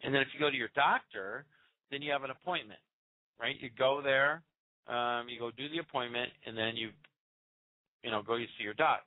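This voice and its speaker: A man's voice: mid-range voice, fairly quick, long pauses, no echo. A man hosting a radio show, telling stories in a rambling, chuckling way with lots of fillers. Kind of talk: casual monologue. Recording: tinny phone-line sound.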